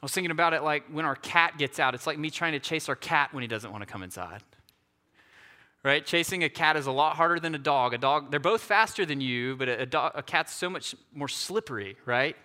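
A man's voice: on the high side, lively intonation, brisk, bright, forceful tone. A male pastor giving a conversational sermon, often checking in with his listeners. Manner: conversational, self-deprecating, asks "right?" often. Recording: hall reverb.

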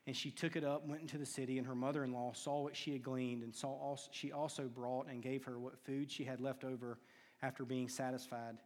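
A man preaching a sermon, telling stories and acting out quoted lines with hushed and raised turns. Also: mid-range voice, flat delivery, fairly quick. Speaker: pastor. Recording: long hall reverb.

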